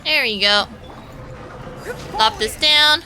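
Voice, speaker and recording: A woman's voice: sits high, sing-song, slow pace, gravelly, pushed and bright, soft background music. A woman streamer giving casual gameplay commentary, rambling playfully to her viewers and swearing now and then.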